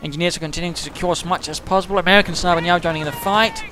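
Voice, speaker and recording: A man giving quick, chatty play-by-play commentary on a strategy game, with dry humour and British turns of phrase. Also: sits high, steady tone, pushed and bright, soft background music.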